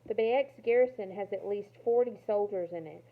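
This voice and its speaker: A woman's voice: medium pitch, normal speed, close to an everyday voice. Woman reader doing a dismissive male resistance fighter, curt, on a tinny phone-like line.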